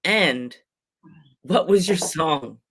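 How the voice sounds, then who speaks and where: A man's voice: on the high side, expressive, very slow, a bit bright, slightly rough. A man hosting a podcast, asking rambling, restarting questions. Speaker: podcast host. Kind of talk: casual interview questions.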